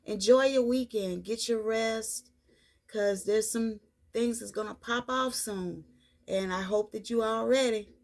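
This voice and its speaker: A woman giving a spiritual card reading to her viewers, repeating her reassurances in an unhurried, soothing way. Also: fairly high pitch. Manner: slow, repetitive, reassuring delivery. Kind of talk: tarot-style card reading vlog.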